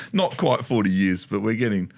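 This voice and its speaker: Deep-voiced Australian man, rambling chat. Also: very animated, unhurried. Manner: rambling, many restarts and asides. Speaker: motorcycle dealership co-host. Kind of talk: casual chat.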